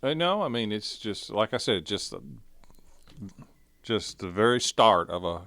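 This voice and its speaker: A man co-hosting a casual sports radio show, speaking haltingly with lots of fillers. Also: on the low side, very animated, fairly bright tone, no room sound. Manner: halting, filler-heavy, agreeable.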